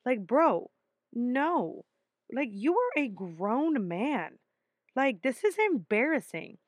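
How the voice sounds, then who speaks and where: Animated, foul-mouthed young woman storyteller. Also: on the high side, slow pace, no echo. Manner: animated, profane, emphatic. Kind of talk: casual storytelling.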